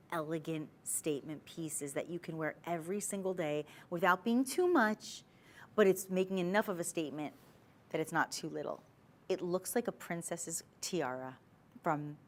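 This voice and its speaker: Her voice sits on the low side, with a little hiss or hum in the audio. She's a shopping channel host in a TV studio, selling jewelry live in a chatty, persuasive style and speaking straight to the audience.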